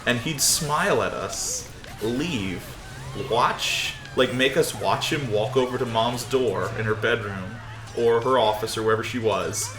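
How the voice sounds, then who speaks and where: A man's voice: mid-range voice, unhurried, roomy sound, poor audio. A young man co-hosting a gaming video, rambling through a funny story and laughing often. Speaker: co-host of a gaming channel. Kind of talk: casual chat over gameplay.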